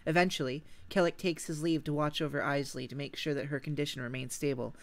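Brief: a casual let's-play narrator reading visual novel text, middle pitch. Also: steady tone, fast. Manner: casual, giggly asides between read lines. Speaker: game player narrating.

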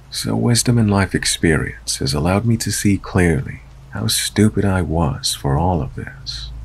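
Deep gravelly male horror narrator. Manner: steady, low-key storytelling. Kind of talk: reading a first-person scary story.

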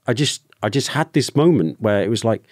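A British ex-soldier, a man, telling a personal story candidly with halting restarts as a podcast guest. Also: lowish voice, animated, no echo, studio quality. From United Kingdom. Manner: open, emotional, halting with restarts.

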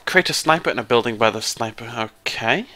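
A British man hosting a casual gameplay commentary, excitable and prone to jumping into high squeals. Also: a little fast. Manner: excitable, jumps into high squeals when surprised or delighted. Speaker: let's play host.

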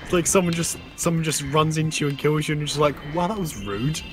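A man's voice: fairly high pitch, level tone, fast, faint music behind. A man commentating on a speedrun race, trading dry, teasing remarks with the runners. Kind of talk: casual commentary.

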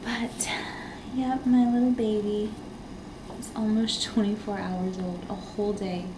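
A young woman and new mother talking casually to the camera in a hospital room, soft-spoken, rambling and emotional. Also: mid-range voice, level tone, unhurried, background noise.

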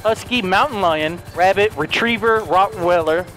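A man hosting casual gaming banter with friends, excitable, laughing often and repeating himself. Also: high-pitched, moderate pace, heavy background noise. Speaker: gaming channel host.

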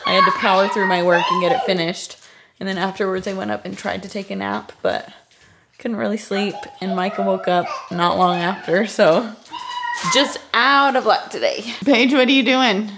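A young pregnant woman chatting casually in a home vlog, tired but playful and quick to laugh. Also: mid-range voice, steady tone. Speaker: vlogger and mother of two toddlers. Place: family home kitchen. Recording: noticeable background noise, clicks.

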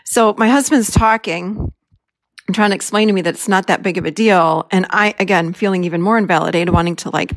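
A woman's voice: mid-range voice, fairly quick, dry recording, studio quality. A middle-aged woman hosting a podcast, telling a personal story as a lesson and acting out her own past lines with animation. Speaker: podcast host and therapist.

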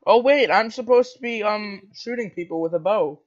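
A man's voice: high voice, moderate pace, muffled recording. A man teasing his friend while gaming, with sudden playful yelps. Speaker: gamer co-host. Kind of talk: casual gaming chat.

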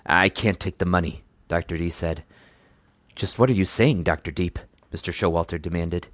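Recorded with clean studio sound and no echo, a man reads a children's book as an audiobook reader. His narration is lively, and he lifts his voice higher whenever a character speaks.

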